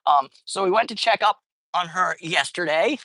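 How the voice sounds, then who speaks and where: A woman's voice: lowish voice, animated, normal speed, a bit bright, no echo. Rambling woman on a dry livestream. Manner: rambling, self-correcting, chatty. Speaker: livestreamer feeding street cats. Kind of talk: casual livestream chat. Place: outdoors at a street cat feeding spot.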